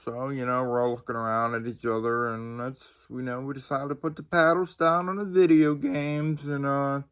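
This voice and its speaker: A man's voice: medium pitch, flat delivery, normal speed, a bit bright, clear, resonant tone. A man in his forties from Ohio, telling a ghost story to his viewers in a casual, rambling way. He uses lots of fillers and asides and speaks into a phone. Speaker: channel host.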